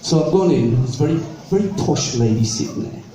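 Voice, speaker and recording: An older man doing stand-up comedy, chatting fast between slow, drawn-out comic song lines. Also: on the high side, expressive, warm tone. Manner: chatty, singing in a slow drawl, quick asides. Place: live gig venue. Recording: echoey room from far off, music.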